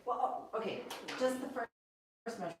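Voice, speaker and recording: A woman's voice: on the high side, normal speed, heavy reverb, far from the mic, noisy background. A woman piano teacher giving a one-on-one lesson, patiently explaining step by step and checking that her student understands. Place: indoor room with a piano.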